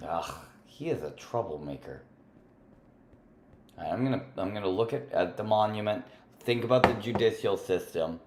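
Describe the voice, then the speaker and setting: A man hosting a casual gaming livestream, playfully teasing and bantering with other players, drifting between sing-song chatter and soft murmuring. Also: fairly low pitch, animated, moderate pace. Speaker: livestream host. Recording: roomy echo with faint background noise.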